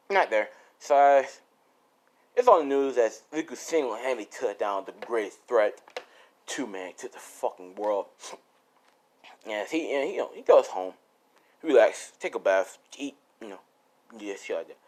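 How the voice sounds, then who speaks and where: Lively, rambling man telling a story. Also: mid-range voice. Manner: rambling, profane, slangy. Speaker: storyteller, channel host. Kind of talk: casual improvised fan story narration.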